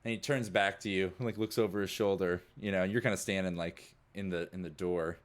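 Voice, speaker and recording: A man's voice: sits low, steady tone, fairly quick. A young man narrating as game master, rambling with lots of fillers. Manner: rambling, many fillers like "like" and "you know".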